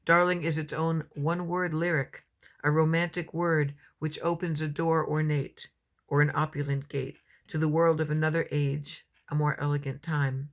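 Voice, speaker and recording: Middle-aged woman poet, casual and rambling, reads her verse slowly and softly at home. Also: low-pitched, level tone. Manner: chatty and rambling between poems, reads slowly and tenderly. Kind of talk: casual chat and reading her own poems aloud.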